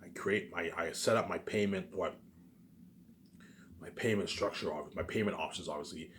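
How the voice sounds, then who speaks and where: With a low voice at normal speed and slight background noise, a Canadian vlogger speaks alone to camera. He rambles, repeats himself, swears a lot, and drives his points home emphatically, peppering it all with "obviously".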